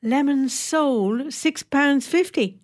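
Woman narrator doing a tired male door-to-door salesman, pushy patter, pitched up high. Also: slow pace. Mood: eager. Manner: eager sales patter, turning sulky.

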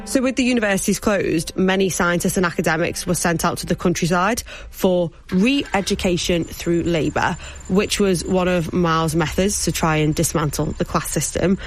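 A woman co-presenter giving background in a measured, informative way for a radio documentary. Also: on the low side. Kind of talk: scripted radio documentary narration.

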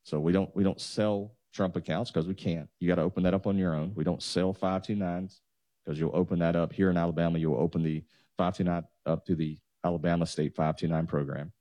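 A man's voice: low voice, steady tone, brisk, dark tone, dry recording, dull audio. A man, a financial advisor patiently walking listeners through numbers on a talk show. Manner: explanatory, walks through numbers step by step.

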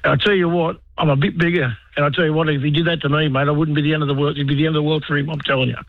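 A man's voice: a little high, flat delivery, rapid-fire, no room sound. An Australian man in his fifties, an army veteran calling in, indignant and blunt. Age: 50s. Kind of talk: talkback phone call. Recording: tinny phone line.

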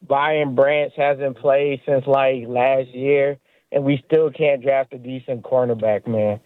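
A man's voice: mid-range voice, fairly even intonation, takes it slowly, dry recording. A man calling in to a sports radio show, talking casually in slang and arguing back with the host. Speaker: caller. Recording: dry tinny phone line.

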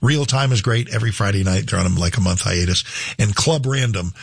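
A man's voice: lowish voice, brisk, gravelly, husky. A middle-aged man hosting a talk show, rambling through a casual monologue with many restarts and asides.

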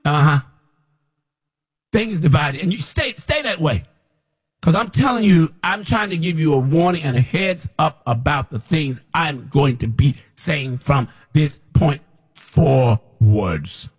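A man's voice: a little high, animated, a little slow, breathy edge. A man who calls himself a prophet, preaching in a blunt, scolding and rambling way, often repeating himself. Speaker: self-described prophet. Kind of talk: preaching to camera.

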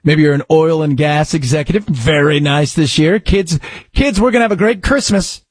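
Man, radio host, sarcastic rant, a bit high, husky, dry studio sound. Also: normal speed, no room sound. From United States. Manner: sarcastic, exasperated, emphatic. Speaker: radio talk show host. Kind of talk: opinionated talk radio monologue and host-read ads.

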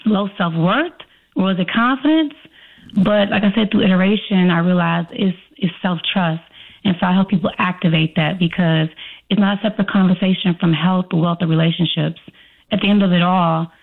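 Her voice is fairly low and gravelly: a guest self-trust coach from Chicago, slight accent and all, fielding interview questions and performing her inner dialogue. The line sounds tinny, as if over a phone.

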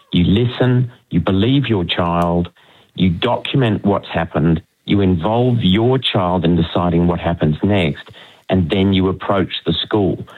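A man, a child psychologist, giving calm, authoritative advice as a phone-in guest. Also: deep voice. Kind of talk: phone-in expert interview. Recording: tinny phone line.

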